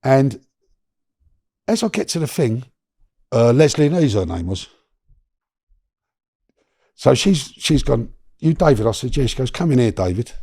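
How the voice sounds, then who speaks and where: Middle-aged guest, gravelly, dark tone, animated storyteller with slang and restarts, dry close sound. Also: male voice, mid-range voice, a little slow, long pauses, no room sound. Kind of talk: storytelling in a podcast interview.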